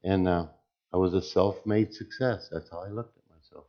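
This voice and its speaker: A man with a very low voice gives a personal testimony in church. He talks slowly and with care, weighing each word. The recording sounds dull and slightly lo-fi. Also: steady tone. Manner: slow, deliberate speech. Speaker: church deacon.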